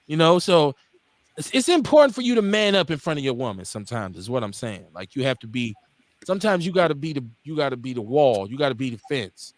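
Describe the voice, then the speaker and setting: This is a fast-talking Milwaukee radio host in his forties, mid-range in pitch, recorded with no echo. On his casual show he's blunt and foul-mouthed, spinning animated stories and performing the voices of the people involved.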